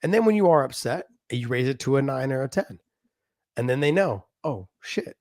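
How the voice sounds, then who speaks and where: With an animated, slightly mellow medium-pitched voice, a middle-aged ex-fighter speaks briskly as a podcast guest. He earnestly explains his opinions using everyday examples in casual conversation, and the studio sound is clean, with no room sound.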